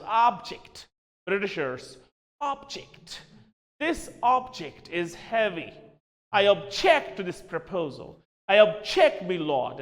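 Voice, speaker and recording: A man's voice: on the high side, in a large hall. A man teaching a spoken English lesson, spelling words out letter by letter and calling his listeners "my dear friends". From Kashmir.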